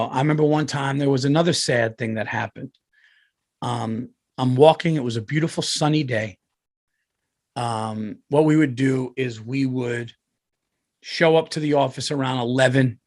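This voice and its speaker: A man, telling a rambling, profane story on his podcast and loudly acting out other people's voices. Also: medium pitch, moderate pace, dry recording, studio quality. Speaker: comedian and podcast host. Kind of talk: casual storytelling.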